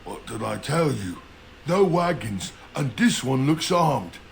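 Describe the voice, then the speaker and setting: An actor playing a rough male highway bandit in a video game, with a gravelly, plain-spoken voice. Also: very animated, takes it slowly, slight background noise, full character voice. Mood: gruff.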